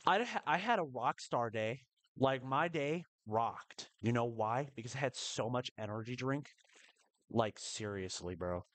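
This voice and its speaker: A man giving live commentary on his own gameplay, excitable and quick to burst into strings of repeated protests. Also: mid-range voice, no echo. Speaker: live streamer.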